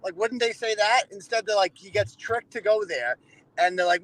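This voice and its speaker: A man's voice: high-pitched, normal speed, a bit bright, dry recording, rough recording. A man from Massachusetts co-hosting a casual, profane commentary chat, sarcastic and exasperated, mocking people in put-on voices.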